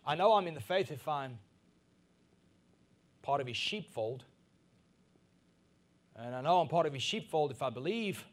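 Middle-aged pastor guy from africa preaching, kinda high voice, goes soft then loud. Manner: animated preaching, swinging between soft asides and loud emphatic peaks. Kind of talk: sermon.

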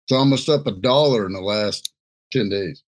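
A man's voice: on the low side, moderate pace. A man co-hosting a casual chat, laid-back and rambling, joking between points. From Louisiana. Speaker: co-host. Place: Nebraska.

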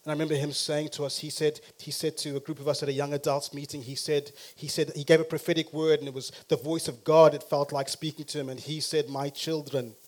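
A man preaching a sermon who talks straight to the congregation and swings from quiet to loud and emphatic. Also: fairly high pitch, level tone, fast talker, hardly any pauses.

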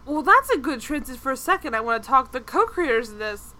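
A woman co-hosting a casual TV review podcast, chatty and animated, full of "like" fillers. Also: high-pitched, fast talker. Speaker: podcast co-host.

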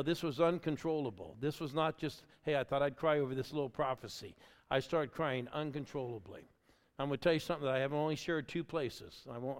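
An older man preaching a lively sermon with church stories, exuberantly calling on the congregation to cheer. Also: mid-range voice. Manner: exuberant, calls on the crowd to applaud. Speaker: church planting pastor. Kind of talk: energetic sermon storytelling. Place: large church auditorium. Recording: long hall reverb.

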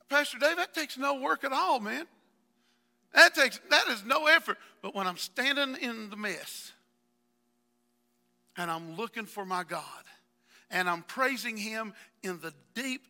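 Fervent male pastor, very high and piercingly bright, preaching with long hall reverb. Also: a little slow, vocal fry, pauses often. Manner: fervent, addresses congregation members by name, builds to shouting. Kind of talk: sermon. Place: church sanctuary.

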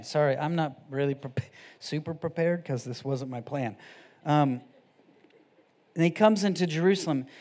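A man preaching an off-the-cuff sermon, casual and animated, moving from quiet scripture reading to loud, excited exhortation. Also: on the high side.

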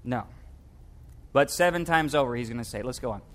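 A middle-aged pastor from Louisiana preaching a sermon, animated, dropping his voice low and soft for quoted scripture. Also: fast.

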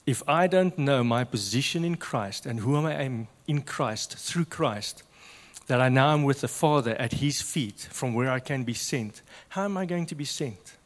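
Impassioned man preaching in an echoey hall. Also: mid-range voice. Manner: impassioned, swings from loud to hushed. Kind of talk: sermon.

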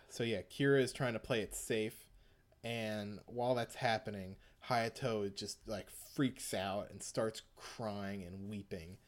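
A man's voice: lowish voice, fairly even intonation, slow. A man retelling an episode in casual chat, rambling, swearing and laughing often.

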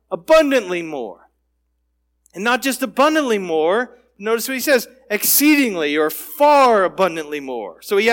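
High-voiced man preaching a sermon. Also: fairly bright tone. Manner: emphatic, repetitive preaching cadence. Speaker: pastor.

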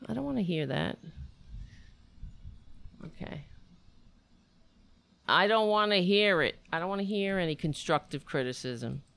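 ぼやき続ける早口でないニューヨーク訛りの女性. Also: female voice, lowish voice, expressive, measured pace, gravelly, pauses often, fairly bright tone, no echo. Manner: self-deprecating, rambling, swears a lot. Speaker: livestream host. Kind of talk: casual livestream chat.

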